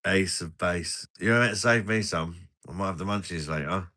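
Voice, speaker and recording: Deep British guy rambling over drinks. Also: moderate pace, sharp tone. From Britain. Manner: rambling, jokey banter with frequent laughs. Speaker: live-stream host. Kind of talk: casual live-stream chat while drinking.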